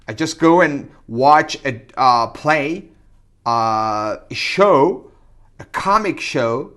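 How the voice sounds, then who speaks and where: A man teaching English, who repeats phrases loudly and whispers quick translations. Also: medium pitch, expressive. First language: Persian. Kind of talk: energetic language lesson with repetition drills.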